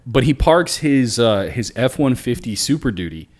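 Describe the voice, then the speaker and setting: A man's voice: mid-range voice, normal speed. A young man co-hosting a podcast, telling a long story in casual, profane chat and acting out the lines of the people in it. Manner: animated, profane, acts out quotes. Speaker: podcast co-host.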